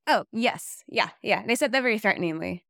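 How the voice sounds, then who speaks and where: A woman playing a tabletop role-playing game, speaking in an animated, teasing way. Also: medium pitch, fairly quick, creaky, no room sound, clean studio sound. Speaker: player. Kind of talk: casual tabletop role-play.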